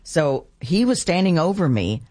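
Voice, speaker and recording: A man hosting an interview, chatty and quick to laugh, telling a story about his own dog. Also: a little high, sing-song, darkish tone, no echo, clean studio sound. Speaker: host. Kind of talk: casual interview.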